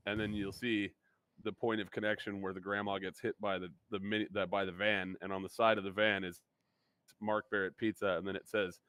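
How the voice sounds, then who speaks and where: Low-voiced man rambling in chat. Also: flat delivery, a little fast, fairly bright tone, clear, resonant tone, dry recording. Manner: rambling, loose and profane. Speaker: podcast co-host. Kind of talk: casual chat.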